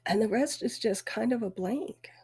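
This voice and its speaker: A middle-aged woman tells her own story on her podcast, halting and close to tears. Her voice is husky and breathy, with a mellow, dark tone. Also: a little high. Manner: emotional, halting, voice breaking. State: weepy. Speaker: podcast host. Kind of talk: personal storytelling.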